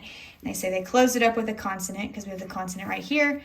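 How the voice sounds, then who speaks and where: A woman's voice: fairly high pitch, brisk. A young woman teacher, chatting casually about her school day with lots of "like" and "anyways.". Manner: chatty, rambling, many "like"s and "anyways". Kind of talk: casual day-in-the-life vlog talk.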